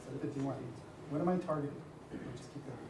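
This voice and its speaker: Speaking fast in a mid-range voice, a presenter at a design community event chats casually with a live audience, tossing in frequent asides and light laughter. The event room gives his voice a roomy echo, and the distant mic picks up faint ambience and background noise.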